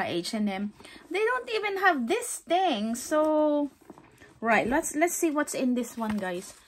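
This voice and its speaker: Chatty high-voiced woman showing a haul. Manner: chatty, repeats "guys", excited about bargains. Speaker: vlogger. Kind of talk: casual haul vlog. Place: home, indoors.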